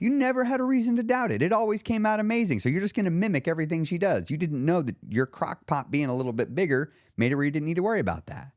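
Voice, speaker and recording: Fast-talking and animated with few pauses, a weight-loss coach hosting a podcast has a fairly high, slightly mellow voice. The sound is clean studio quality with no echo, and his storytelling is conversational and motivational, with some swearing.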